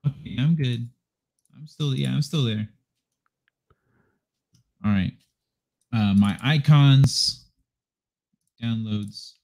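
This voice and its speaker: A man's voice: medium pitch, slow pace, long pauses, a little mellow. A man hosting a casual livestream chat, rambling and talking to himself while he sets things up. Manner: chatty, rambling, self-talk while setting up. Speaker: livestream host.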